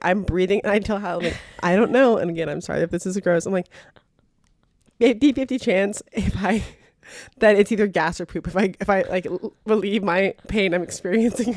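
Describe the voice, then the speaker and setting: A young woman co-hosting a podcast, telling a story in animated, laughing casual chat, full of "like". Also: lowish voice, no echo, clean studio sound. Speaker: podcast co-host.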